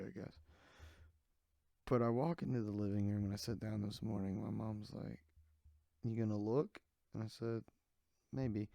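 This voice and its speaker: A man's voice: fairly low pitch, gravelly, dark tone, no room sound, studio quality. A man, hosting a casual solo podcast, rambling and candid, sleepy and yawning. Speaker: podcast host.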